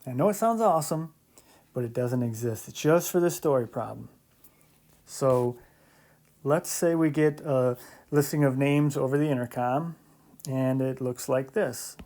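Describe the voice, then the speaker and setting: Brief: male math instructor, mid-pitched, mellow tone, casual step-by-step lecture delivery with light humor. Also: unhurried. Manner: conversational, explains step by step with frequent "so" and "right?"; lightly joking asides. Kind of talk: recorded classroom lecture.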